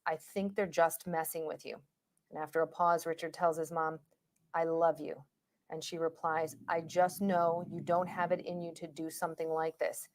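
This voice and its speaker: A woman with a low voice co-hosts a true crime chat stream. She speaks in a level, even tone and calmly reads transcript excerpts aloud. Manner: calm, with short agreeing replies.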